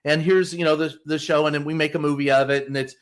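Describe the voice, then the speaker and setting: A White House correspondent guest on a podcast, talking in a blunt, emphatic way and cursing when he wants to drive a point home. His voice sits a little above the usual male pitch. He tells his stories with conviction. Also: little pitch movement, quick pace, clean tone. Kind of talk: podcast interview, storytelling.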